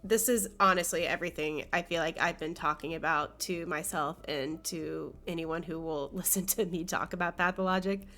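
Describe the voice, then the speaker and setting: A woman's voice: low voice, fairly even intonation, normal speed, hardly any pauses, a bit bright. A young woman hosting a video essay, talking in an earnest, enthusiastic way while sick, with a nasal, congested voice. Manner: earnest, enthusiastic, with occasional fillers. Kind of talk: scripted video essay commentary.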